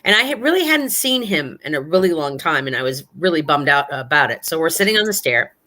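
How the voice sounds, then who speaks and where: Woman guest, casual ghost-story teller, lowish bright tone, earnest and rambling. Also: very animated, a little fast, slight background noise. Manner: rambling, filler-heavy, earnest.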